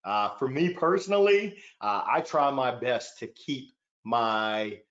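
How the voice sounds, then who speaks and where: A man's voice: mid-range voice, animated, takes it slowly, fairly bright tone, highs cut off. A man speaking as a panel guest in a webinar, upbeat and earnest, often repeating words as he starts a thought, heard over a video call. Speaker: panel guest, sales leader.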